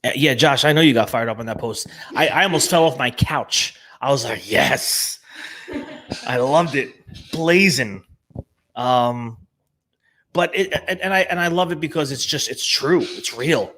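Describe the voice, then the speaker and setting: A man's voice: medium pitch, animated, moderate pace, fairly bright tone, slight background noise. A man with a New Jersey accent hosting a casual live show, talking with energy and emphasis and often repeating words. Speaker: show host.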